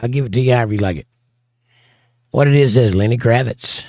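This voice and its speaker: A fast-talking man with a mid-range, darkish voice reads his livestream chat aloud and fires back wry, joking replies. The recording is dry and studio-clean.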